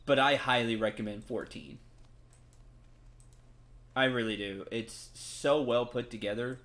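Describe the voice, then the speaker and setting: A man's voice: medium pitch, a little slow, a bit bright. A man streaming a game, chatting casually with his viewers and laughing often. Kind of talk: casual gameplay stream chat.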